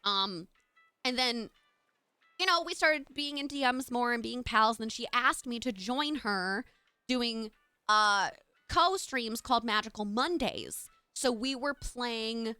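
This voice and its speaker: A woman's voice: fairly high pitch, animated, slow pace, sharp tone, clear, resonant tone, no echo, soft background music. A woman streamer chatting casually with her live chat while playing a game. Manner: chatty, bubbly, talks to chat.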